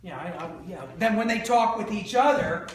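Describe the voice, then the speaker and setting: High-voiced man quizzing a seminar crowd. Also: normal speed. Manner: quizzes the audience with fill-in-the-blank questions; lively and joking. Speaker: sales trainer. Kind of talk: live seminar talk to an audience. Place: large indoor room with an audience. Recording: echoey hall from far off, faint noise.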